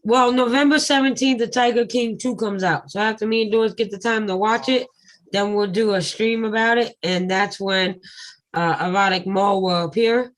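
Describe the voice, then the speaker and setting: A woman hosting a casual livestream panel chat, blunt and quick to swear and laugh. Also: mid-range voice, fairly even intonation, rough recording. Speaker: panel host.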